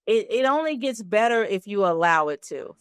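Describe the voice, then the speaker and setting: A middle-aged actress telling stories as a guest in an interview, acting out the voices of people in them. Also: female voice, mid-range voice, normal speed, clear, resonant tone. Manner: animated, acts out voices in her stories. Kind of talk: storytelling interview.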